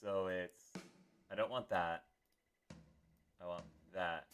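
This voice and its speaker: A man's voice: low voice, steady tone, slow pace, fairly bright tone, a little hiss or hum. A man live-streaming, talking casually to himself and his chat as he works out drum parts, humming rhythms under his breath. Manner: mutters to himself, hums drum rhythms, reads chat aloud. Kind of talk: casual live-stream talk while composing music.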